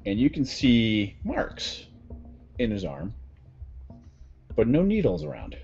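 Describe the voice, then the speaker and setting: Low, lively-voiced game master narrating. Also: male voice, gravelly, dull audio, faint music behind. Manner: calm, measured scene narration. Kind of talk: narrating a tabletop role-playing game.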